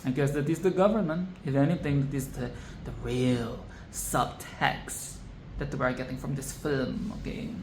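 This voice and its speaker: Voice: medium pitch, steady tone, moderate pace. A vlogger ranting about a film in casual commentary, swearing, exasperated and repeating phrases for emphasis. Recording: echoey room with faint background noise.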